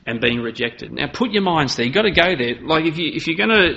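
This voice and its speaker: A man's voice: mid-range voice, pushed and bright, slight background noise. A man preaching a sermon in an earnest manner, voice rising dramatically when he acts out quoted lines. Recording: slightly dull, lo-fi sound.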